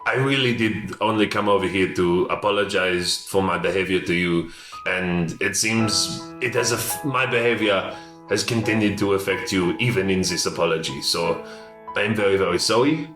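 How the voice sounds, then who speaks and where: A man voicing an awkward, apologetic male artificer with low charisma, talking in halting, earnest turns and dropping in French words. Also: expressive, sharp tone. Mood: contrite. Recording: roomy mic with music under.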